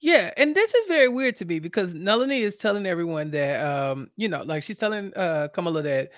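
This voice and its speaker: A woman's voice: on the low side, brisk, dry recording. Mock-indignant woman, dry close sound. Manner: expressive, mock-indignant reactions. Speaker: podcast co-host. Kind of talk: casual chat.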